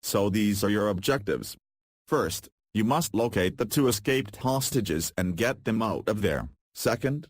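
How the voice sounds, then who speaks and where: Male reader doing army general, low dry voice, plain flat delivery. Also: no echo, natural voice. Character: gruff male army general briefing troops.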